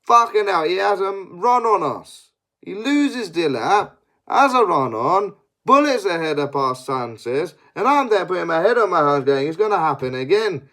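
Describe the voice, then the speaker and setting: A man's voice: sits high, big pitch swings, measured pace, pushed and bright. A young man giving a sweary, exasperated post-match analysis as a football fan.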